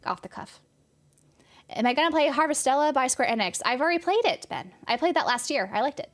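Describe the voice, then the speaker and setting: Chatty young Californian woman, slightly high voice. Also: lively intonation, fairly quick. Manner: chatty, rambling, answers chat questions with frequent laughs. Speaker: game streamer. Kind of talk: casual live-stream chat.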